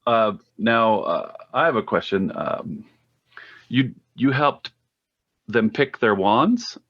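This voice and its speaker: A man hosting a podcast who steers the talk along briskly in a casual tone. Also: lowish voice, expressive, no room sound, highs cut off. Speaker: podcast host. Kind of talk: casual interview chat.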